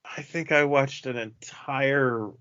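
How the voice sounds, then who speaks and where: A man co-hosting a podcast, chiming in with quick jokes in a casual chat. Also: mid-range voice, fairly bright tone, clear, resonant tone. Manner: quick joking interjections. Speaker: podcast co-host. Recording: dull lo-fi audio.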